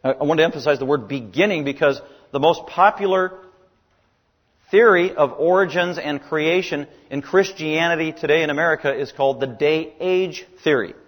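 A man's voice: mid-range voice, in a large hall. A man preaching a sermon with emphatic delivery, his voice climbing on key words.

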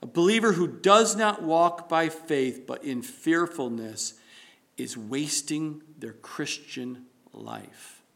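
A man's voice: a little high, lively intonation, slow. A middle-aged man preaching a sermon as pastor, building emphasis through repetition and quotations from scripture.

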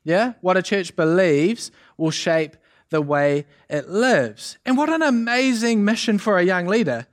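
A young man preaching a sermon as youth pastor, energetic and chatty with many asides and fillers. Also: sits high, measured pace. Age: young adult.

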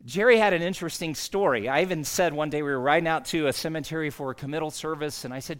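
A man's voice: on the high side, fast, few pauses. A man, a pastor, preaching a sermon in an earnest, conversational storytelling way.

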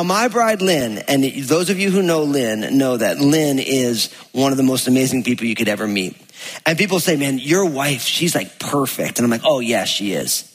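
A pastor from New Jersey giving a sermon, telling stories in a chatty way and acting out quotes. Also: male voice, mid-range voice, fairly bright tone. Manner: chatty storytelling, acts out quotes. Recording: long hall reverb.

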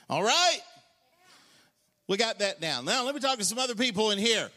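A man preaches to his congregation in a strikingly high voice that swoops up and down with lively energy. He slips into joking, casual asides, then builds to shouted, half-sung lines. The sound rings with the long reverb of a big sanctuary. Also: a little slow, long pauses. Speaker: pastor. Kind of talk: sermon. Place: church sanctuary.

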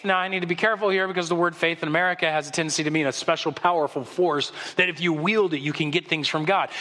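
A man preaching a sermon as pastor, telling the story with animated storytelling and acting out the voices. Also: on the high side. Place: church sanctuary. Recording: long hall reverb.

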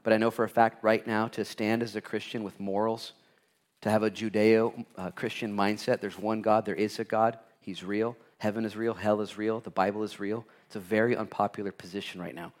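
Man preaching with big loud-soft swings. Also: on the low side. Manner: swings from loud preaching to near-whispered asides; acts out quoted dialogue with God. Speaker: pastor. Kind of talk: sermon.

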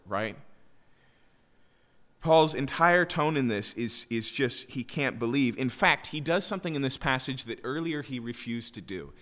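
A man's voice: medium pitch, animated, moderate pace, fairly bright tone. Emphatic male pastor in a reverberant church. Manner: emphatic, explanatory, asks rhetorical "right?". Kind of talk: sermon. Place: church sanctuary. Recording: long reverb of a church hall.

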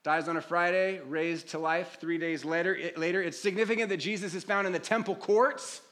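A man's voice: high-pitched, steady tone, fairly quick, a bit bright. A man preaching a sermon, explaining scripture in a conversational way with asides and restarts. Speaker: pastor.

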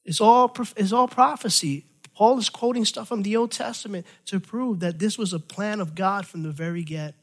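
A man preaching a sermon as pastor, teaching from scripture in an animated way, with chatty, self-deprecating asides. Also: sits high, moderate pace.

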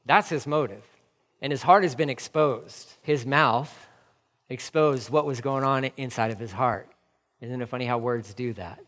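A man preaching in a church, his voice sitting a bit high for a man and trailing off into a long hall reverb. He gets fired up, repeats key phrases and hammers rhetorical questions at the congregation. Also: fairly bright tone. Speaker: pastor. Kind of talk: sermon.

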